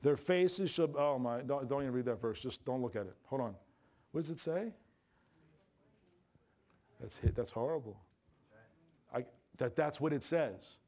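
A man's voice: medium pitch, expressive, a little slow, long pauses, a little mellow. A man preaching a sermon in a church, folksy and joking, with plain colloquial grammar. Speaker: pastor. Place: church sanctuary. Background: congregation responses.

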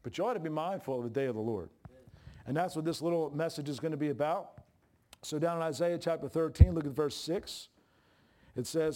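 A man's voice: expressive, brisk, dark tone. Folksy, emphatic male preacher. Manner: folksy, emphatic preaching with sudden pitch jumps and laughs. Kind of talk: sermon.

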